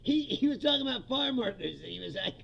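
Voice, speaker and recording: A man in his fifties hosts a profane comedy rant and laughs often. His voice is high, gravelly and raspy, with a bright edge. The recording sounds dull and lo-fi. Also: lively intonation, fast talker. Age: 50s. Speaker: comedian host.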